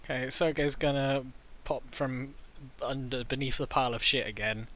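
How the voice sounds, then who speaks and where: A man playing a tabletop game, talking haltingly with many restarts and giggling. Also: mid-range voice, steady tone, crowd noise. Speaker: player. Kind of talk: casual tabletop game chat.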